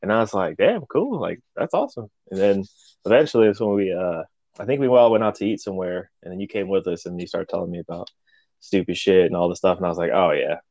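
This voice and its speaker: A man telling loud, profane stories from his military years in a casual chat, laughing often. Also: sits low, fairly even intonation, fast talker, no room sound, highs cut off.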